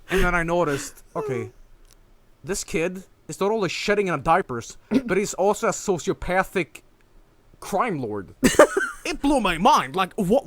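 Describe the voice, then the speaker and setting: A young adult man telling an animated, profane story, laughing often and acting out quotes in high voices. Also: a little slow, no echo. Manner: profane and excitable. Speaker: streamer reacting to an animation.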